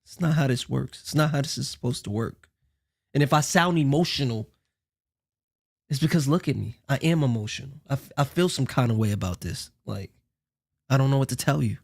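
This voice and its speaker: A man's voice: medium pitch, a little fast, vocal fry. A man hosting a casual reaction commentary, joking and rambling in asides. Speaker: commentary host.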